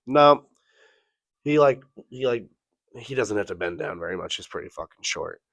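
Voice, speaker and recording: A man co-hosting a podcast, telling a profane, animated story and acting out the quotes. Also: mid-range voice, normal speed, long pauses, no echo. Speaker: podcast co-host. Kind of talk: casual storytelling.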